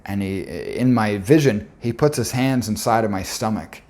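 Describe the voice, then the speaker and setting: Man, deeper than most, earnest reflective storyteller presenting a talk, pauses on fillers. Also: a little mellow.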